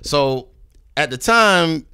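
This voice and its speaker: A man's voice: a little high, animated, very slow, pushed and bright, clear, resonant tone, no room sound, studio quality. A man casually telling a long story on a podcast, swearing freely, acting out the people he quotes and dropping "you know what I mean" asides. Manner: profane, laid-back, acts out quoted people. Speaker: recording artist guest.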